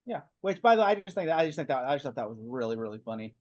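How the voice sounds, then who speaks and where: A man co-hosting a casual podcast chat, animated and rambling, often laughing and restarting his sentences. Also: medium pitch, rapid-fire, no echo, dull audio. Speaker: podcast co-host.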